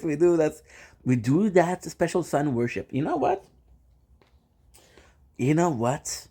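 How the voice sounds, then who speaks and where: A man's voice: medium pitch, warm tone. A man streaming live and chatting casually with his viewers, playful and teasing, often repeating the same phrase several times in a row. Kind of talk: casual chat.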